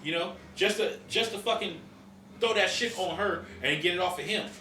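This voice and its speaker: A man's voice: high voice, moderate pace, bright, forceful tone, reverberant, far from the mic, a little hiss or hum. A man hosting a podcast, ranting in heated casual chat, profane and emphatic. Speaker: podcast host.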